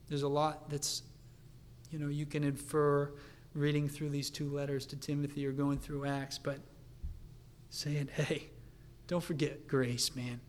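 A man preaching a sermon in an earnest way, dropping to a quiet, confiding tone and then building to a fervent pitch. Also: slight background noise. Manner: earnest, swings from hushed to fervent.

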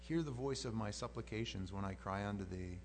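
A middle-aged pastor teaching from the Bible in a folksy, joking way, acting out quotes in silly voices. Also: male voice, lowish voice, fairly quick, slight background noise.

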